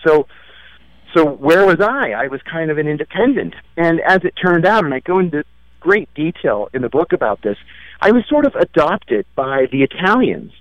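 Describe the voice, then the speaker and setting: A man's voice: on the high side, dry recording, dull audio. A man being interviewed on the radio as a book's author, speaking emphatically in punchy, repeated phrases.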